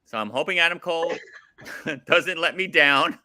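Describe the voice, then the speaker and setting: A man co-hosting a casual wrestling chat, slipping into excitable, pleading rants. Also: a little high, slow pace, long pauses. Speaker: co-host.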